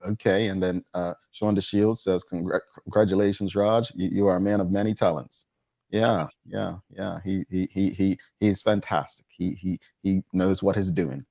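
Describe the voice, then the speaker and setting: A man hosting a talk show, talking in casual banter that stammers into restarts and leaps up in pitch when he gets excited. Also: moderate pace, vocal fry, dry recording, clean studio sound.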